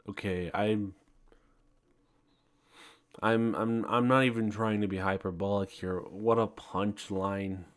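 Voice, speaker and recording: Brief: male reviewer, measured reflective aside, very unhurried delivery. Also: fairly low pitch. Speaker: video reviewer. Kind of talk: casual commentary aside.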